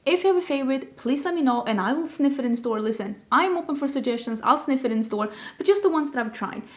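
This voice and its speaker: A woman's voice: high voice, animated, fast talker. A woman hosting a casual beauty vlog, chatty and rambling, with self-deprecating asides. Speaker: beauty vlogger host. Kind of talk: casual chat.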